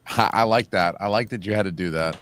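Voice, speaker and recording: Man, co-host, casual livestream chat, low voice, dry close sound, joking. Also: a little fast, fairly bright tone, dry recording. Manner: joking, enthusiastic, says "like" often.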